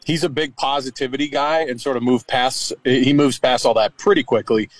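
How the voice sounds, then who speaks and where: A man's voice: mid-range voice, fairly even intonation, normal speed, no room sound, rough recording. A man from Texas, a radio sports host, guesting on another show and giving long, chatty analysis. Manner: chatty, fillers, explains at length.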